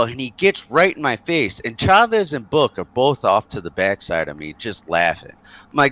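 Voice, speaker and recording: A man's voice: mid-range voice, big pitch swings, normal speed, a bit bright. A man, a former soldier, tells a rambling war story in a casual interview over a voice call, with many fillers and chuckles.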